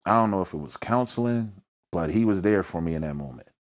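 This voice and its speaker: A low-voiced man with a Philadelphia accent sits down for an interview about his rap career. He talks in thick slang and tells his stories with energy, acting out the voices and sounds in them. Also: expressive, fairly quick. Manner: slangy, peppered with "you know what I mean". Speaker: rapper, interview guest. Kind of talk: storytelling in a sit-down interview.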